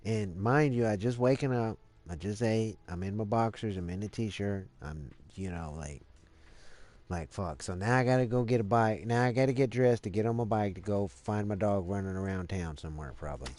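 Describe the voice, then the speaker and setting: A man's voice: lowish voice, a little fast, few pauses, a little mellow. Rambling, profane male streamer. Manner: rambling, profane, many fillers. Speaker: live streamer. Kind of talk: casual storytelling.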